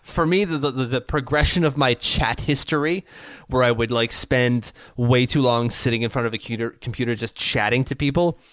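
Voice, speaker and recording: A man from Canada in his thirties talks through sports topics in a casual podcast chat, analytical and quick to laugh. His voice sits at an ordinary middle pitch. It is recorded dry and close, with no room sound. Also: a bit bright, dry recording. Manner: chatty and analytical, laughs easily. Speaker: podcast co-host. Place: home basement.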